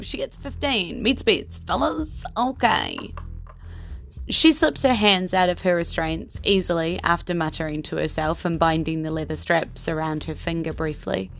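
A woman with a New Zealand accent who hosts a podcast and narrates an improvised tabletop game as the game master. She tells the story in a relaxed way. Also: on the low side, vocal fry.

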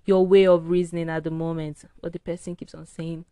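A woman's voice: lowish voice, little pitch movement, brisk, dark tone, clear, resonant tone, no echo. A tired woman hosting a solo podcast, rambling frankly in a casual early-morning rant. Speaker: podcast host. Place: indoors at home early morning.

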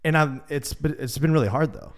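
A man's voice: fairly high pitch, fairly quick. A man hosting a casual interview, asking easygoing follow-up questions and joking along. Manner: easygoing, asks follow-ups, jokes with the guest. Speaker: podcast host.

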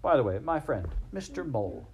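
A hearty storybook water rat, cheerful and brisk, always glad of company, as a man reads him. The voice stays close to the reader's own, just a touch brighter and livelier. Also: medium pitch, very animated, slight background noise, voice pushed up, close to an everyday voice. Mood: cheery.

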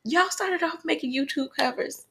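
A woman's voice: sits high, normal speed, creaky, sharp tone. A woman co-hosting a casual pop-culture chat, gushing, laughing often and swearing freely. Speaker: podcast co-host.

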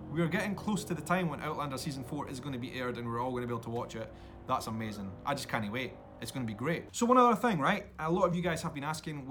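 A Scottish man talking alone into the mic for his podcast, chatty and eager, speaking straight to his listeners. His voice sits at an ordinary middle pitch. A faint hiss of noise runs under the recording. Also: a bit bright. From Scotland. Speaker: podcast host. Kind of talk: casual solo podcast chat.

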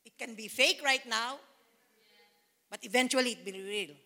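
A woman pastor delivers a sermon at a moderate pace, her high voice bright and forceful, full of fervent repetition and bursts of praise. Each phrase trails off into a long hall reverb like a church sanctuary.

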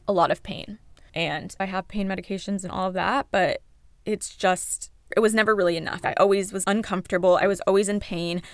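A woman's voice: lowish voice, no echo, studio quality. A young woman telling her own story of recovering after an accident, candid and emotional, swearing freely. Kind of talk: personal storytelling to camera.

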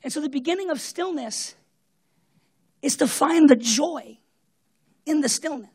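A woman preaching a sermon, retelling a story with acted-out voices and swinging between loud bursts and hushed tones. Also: high-pitched, unhurried.

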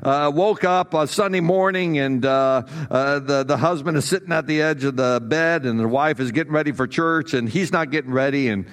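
A middle-aged pastor preaching in a folksy, joking way, often pausing on "uh" between thoughts. His voice sits a little high for a man. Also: fairly bright tone. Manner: jokey, folksy, many fillers. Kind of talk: sermon.

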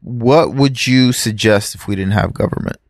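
A man's voice: mid-range voice, normal speed, no echo, studio quality. A man who immigrated to the US, chatting casually and rambling, correcting himself and swearing offhand. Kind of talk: casual podcast chat.

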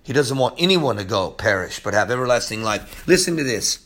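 A man preaching a casual Bible teaching, excitable and emphatic, with slangy talk that swings between loud bursts and hushed lines. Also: medium pitch, brisk.

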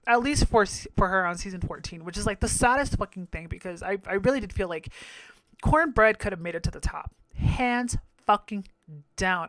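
A man's voice: sits high, a bit bright, dry recording. Campy, giggly man recapping, dry close mic. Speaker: podcast host. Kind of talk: casual episode recap.

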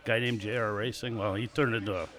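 A man's voice: fairly low pitch, fairly even intonation, fast, fairly bright tone. A man in his sixties, a former racer, telling casual anecdotes as a guest on a live show and chuckling between stories. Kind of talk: casual storytelling interview.

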